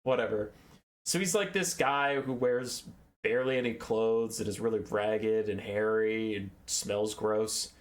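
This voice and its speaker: A man's voice: fairly low pitch, unhurried. A young man giving a casual, rambling and sarcastic lore recap, swearing and acting out characters. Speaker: lore video host.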